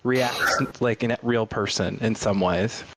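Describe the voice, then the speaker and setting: A man's voice: fairly low pitch, takes it slowly, a bit bright. A man co-hosting a podcast, chatting in a thoughtful, appreciative way. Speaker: podcast co-host. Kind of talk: casual chat.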